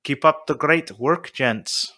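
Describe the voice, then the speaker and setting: A man doing a raised, slow, mock Scottish voice, halting over every dialect word as he reads a fan review. The delivery is drawn out and pitched above his normal voice. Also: bright, forceful tone. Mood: struggling. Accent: put-on Scottish. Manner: halting, stumbling over the words.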